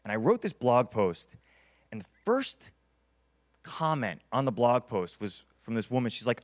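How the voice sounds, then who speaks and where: A man's voice: mid-range voice, big pitch swings, moderate pace. Emphatic man giving a keynote. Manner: dramatic, emphatic, repeats key lines. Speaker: keynote speaker. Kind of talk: motivational keynote storytelling.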